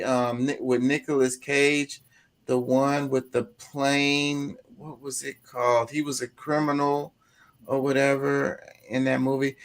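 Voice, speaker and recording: A man's voice: medium pitch, vocal fry. A man co-hosting a casual podcast, rambling and repeating himself as he hunts for words. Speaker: podcast co-host. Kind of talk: casual chat.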